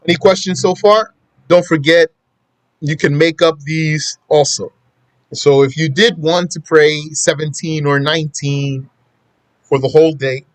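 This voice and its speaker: A man's voice: fairly high pitch, no echo. Man teaching a classroom lesson, dry sound. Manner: explains step by step, recites Arabic quotations then translates; plain conversational teaching with asides to students. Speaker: Islamic studies teacher. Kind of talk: classroom lesson on a law text.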